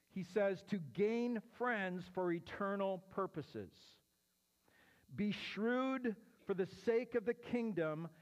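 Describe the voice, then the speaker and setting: A man speaks in a teaching sermon, laying out his points step by step and checking in with his listeners. His voice sits high for a man. The audio is dull and lo-fi, carrying a long reverberant tail. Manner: explanatory, often checks in with "right?". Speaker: pastor answering questions.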